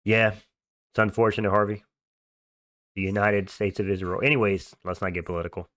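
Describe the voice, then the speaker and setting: A man's voice: fairly low pitch, steady tone, moderate pace, fairly bright tone, dry recording. A young man hosting a livestream, chatting casually and answering viewer comments in slangy, offhand talk. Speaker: livestream host.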